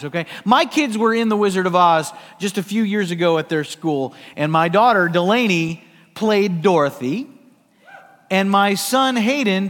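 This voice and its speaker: Middle-aged pastor preaching, fairly high voice, big echo in the sanctuary, goes loud then quiet. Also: male voice. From US West Coast. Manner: conversational, dynamic, swings between loud and hushed. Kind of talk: sermon.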